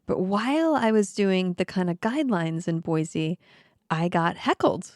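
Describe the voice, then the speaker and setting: A woman's voice: on the low side, animated, unhurried, darkish tone, dry recording, studio quality. A woman, a yoga teacher and ceremony guide, telling a story in casual chat with many filler words. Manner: recounts events with many "like" fillers.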